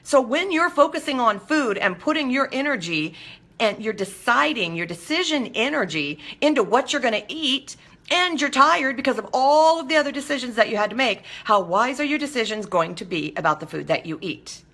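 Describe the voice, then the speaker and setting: A woman hosts a casual talk segment, addressing her audience directly. Her voice is bright and forward. She talks animatedly, slipping into quick mimicked voices to make her point. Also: fairly high pitch. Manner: animated, acts out quoted voices. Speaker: talk show host. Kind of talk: casual monologue to viewers.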